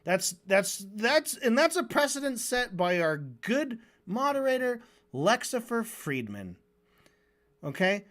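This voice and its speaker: Brief: an unhurried, sarcastic streamer, mid-pitched, riffing at length with plenty of sarcasm and restarts. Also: a bit bright. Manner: sarcastic, mocking, rambling with restarts. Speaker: streamer reviewing a debate. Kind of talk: casual sarcastic commentary.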